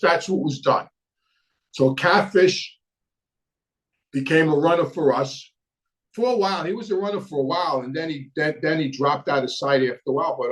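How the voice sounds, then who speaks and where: A man holds forth in casual storytelling. His voice sits slightly high for a man, and he rambles, restarts sentences and checks in with the listener as he goes. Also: poor audio. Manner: rambling, frequent restarts and "right?" tags, laughs at his own story. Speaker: show host, former mobster telling stories.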